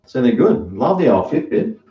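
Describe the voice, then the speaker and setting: Australian male live streamer, chatty and rambling, lively pitch, echoey lo-fi room sound. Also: normal speed. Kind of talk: casual live-stream chat. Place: home kitchen. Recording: roomy, dull lo-fi sound.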